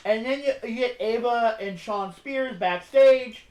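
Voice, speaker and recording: A man's voice: very high voice, unhurried, a little mellow, echoey room, a little hiss or hum, low-quality recording. A man co-hosting a live-streamed chat, recapping scenes and quoting lines with restarts. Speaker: podcast co-host recapping wrestling. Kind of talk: casual chat. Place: home streaming setup. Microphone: desk microphone on a live stream.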